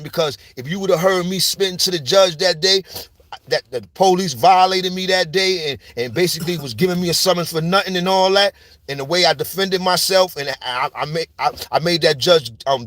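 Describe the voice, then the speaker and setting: Here a storyteller YouTuber from New York speaks with a New York accent, his voice sitting high and a bit bright with no echo. His casual monologue is packed with street slang and the tags "you heard?" and "you know what I'm saying."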